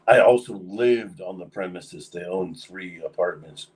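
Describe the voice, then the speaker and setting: Rambling low-voiced man, off-mic. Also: steady tone, moderate pace, darkish tone, distant mic, rough recording. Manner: rambling, many fillers, acts out quoted voices. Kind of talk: casual storytelling chat.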